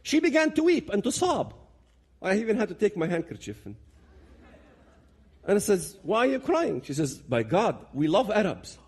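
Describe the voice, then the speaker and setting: A man's voice: high-pitched, very animated, moderate pace, pauses often, husky. Impassioned man. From Palestinian territories. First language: Arabic. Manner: dramatic, emphatic, builds to loud peaks. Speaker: public speaker. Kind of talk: impassioned public talk.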